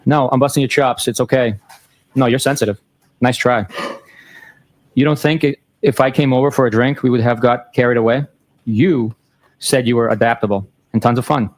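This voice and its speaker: Man flatly reading texts in court. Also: medium pitch, moderate pace. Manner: flat, matter-of-fact reading, timestamps read aloud. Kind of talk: reading text messages aloud in court.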